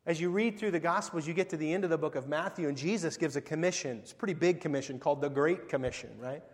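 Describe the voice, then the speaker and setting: A man's voice: fairly high pitch, fast. A middle-aged man preaching a sermon as pastor, in a conversational style full of rhetorical questions and swings in volume. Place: church sanctuary. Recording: long hall reverb.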